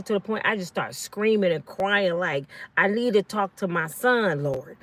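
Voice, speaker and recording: This is a middle-aged woman with a slightly low-pitched voice, talking straight to her live-stream audience. She tells a personal story in an earnest, pleading way, circling back and repeating herself as she goes. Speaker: vlog host.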